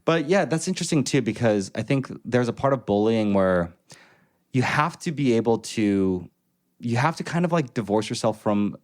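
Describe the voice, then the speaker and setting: A man in his thirties, co-hosting a podcast in casual chat, telling animated stories and laughing often. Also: mid-range voice, moderate pace. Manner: animated storyteller, laughs often, acts out quotes. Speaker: podcast co-host.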